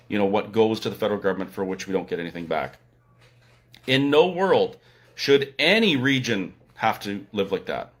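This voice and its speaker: A Canadian man talks through a casual livestream from a hotel room. He is opinionated and blunt, and he leans hard on his points with a sarcastic edge. His voice sits at an ordinary middle pitch for a man. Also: fairly bright tone. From Alberta, Canada. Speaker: livestream host.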